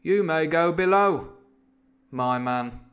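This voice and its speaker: A man's voice: a little high, takes it slowly, a bit bright, soft background music, voice pushed up. A man reading a storybook aloud, voicing a stern, clipped male ship captain who barks orders. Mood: curt. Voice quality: clipped, commanding.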